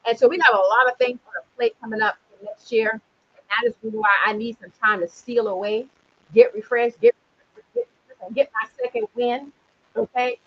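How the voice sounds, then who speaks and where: A woman with a South Carolina accent, a retirement planning consultant giving a preachy, energetic motivational livestream talk and often checking in with "okay?". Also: a little high, moderate pace, muffled recording. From Charleston area, South Carolina.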